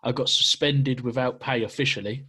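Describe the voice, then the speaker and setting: Chatty bloke hosting a podcast. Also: male voice, medium pitch, steady tone, moderate pace, pushed and bright, breathy edge. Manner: chatty, laughs often, slangy banter. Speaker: podcast host. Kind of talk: casual chat.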